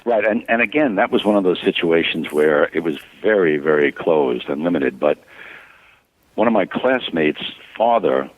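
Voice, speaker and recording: An older man who is a photographer, a guest in an interview, recalling shoots in an easygoing, relaxed way full of "you know.". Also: deep voice, moderate pace, narrow, tinny audio. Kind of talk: casual interview chat.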